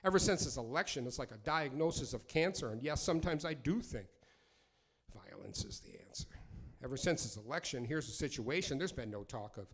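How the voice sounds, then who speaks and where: A man's voice: mid-range voice, huge pitch swings, a little fast, a bit bright, husky. A middle-aged man performing live, chatting loosely between pieces and delivering rhyming, profane, sardonic spoken word in a driving rhythm.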